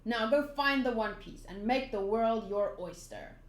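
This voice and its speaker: A woman's voice: on the high side, lively intonation, a little slow. A woman voicing a carefree young male pirate captain who talks bluntly and cheerfully. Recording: roomy echo.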